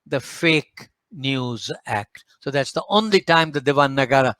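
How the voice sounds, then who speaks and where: A man with a Malaysian English accent giving a formal slide presentation in a measured, emphatic lecturing manner with occasional hesitations. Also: mid-range voice, expressive, a bit bright, no echo. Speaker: speaker at a panel forum.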